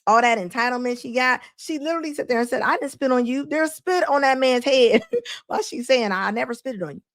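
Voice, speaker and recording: A woman's voice: high voice, fairly quick, no echo. A woman hosting a live show and commenting on a clip, laughing often and scolding emphatically. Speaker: host.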